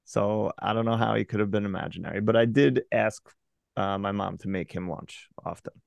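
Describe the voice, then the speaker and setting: A man's voice: fairly low pitch, a little fast, gravelly, darkish tone, no echo. A young man co-hosting a podcast, chatting casually and joking while reading out listener emails. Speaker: podcast co-host.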